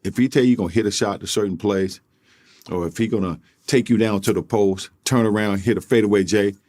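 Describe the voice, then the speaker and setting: A low-pitched man, a former basketball player, tells stories from his playing days. He laughs often and keeps the telling animated. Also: fairly quick. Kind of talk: anecdotal storytelling.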